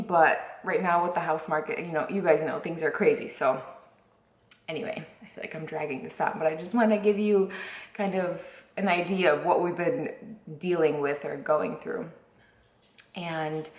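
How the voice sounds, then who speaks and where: A woman's voice: fairly low pitch, roomy sound. A woman vlogger chatting casually to camera, rambling with lots of fillers and restarts.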